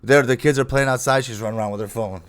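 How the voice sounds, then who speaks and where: A man's voice: mid-range voice, fast. A man in his thirties co-hosting a casual online morning show, telling stories and laughing often. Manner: laughs often, relaxed storytelling. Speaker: co-host.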